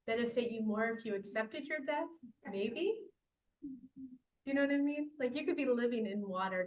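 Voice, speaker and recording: A woman lecturing a class, relaxed and thinking aloud, often checking whether listeners follow. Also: mid-range voice, dull audio. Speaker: guest lecturer. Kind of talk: lecture with audience questions.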